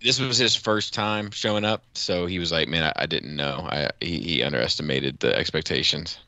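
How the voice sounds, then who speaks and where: A man's voice: rumbling low, normal speed, bright, forceful tone, dry recording. A man in his thirties chatting on a podcast, telling rambling stories and swearing freely. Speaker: podcast co-host. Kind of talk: casual podcast banter.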